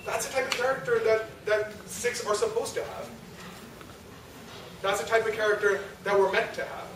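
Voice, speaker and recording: A man's voice: high-pitched, fairly even intonation, moderate pace. A young man giving a religious talk to a youth audience, conversational and full of rhetorical questions. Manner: conversational, asks the audience, frequent rhetorical "right?". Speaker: lecturer. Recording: echoey hall from far off, noisy.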